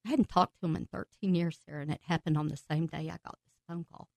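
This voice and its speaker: A low-pitched woman with vocal fry speaks at a quick pace, sharing her faith testimony as a podcast guest. She's emotional, laughing and breaking into excited bursts, and the recording has no echo.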